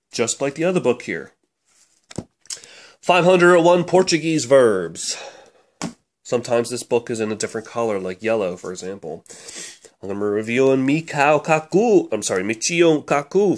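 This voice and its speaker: Chatty man rambling through a review. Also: mid-range voice. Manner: chatty, hesitant, many fillers and restarts. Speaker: book reviewer.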